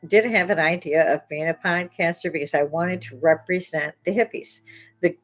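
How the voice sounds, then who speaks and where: An older woman hosting a podcast, talking in a rambling, opinionated monologue, salty and quick to laugh at her own jokes. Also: fairly low pitch, soft background music, poor audio. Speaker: podcast host.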